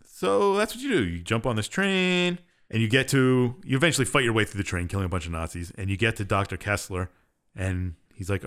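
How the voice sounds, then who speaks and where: A man's voice: lowish voice, expressive, fast, a bit bright. A man co-hosting a podcast, casually retelling a game's story in a rambling, offhand way. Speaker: podcast co-host. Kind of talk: casual game recap chat.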